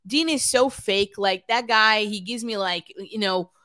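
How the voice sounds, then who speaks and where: A woman cohosting a podcast in casual chat, animated and rambling, sometimes mimicking others. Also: medium pitch, a little slow, no echo, studio quality.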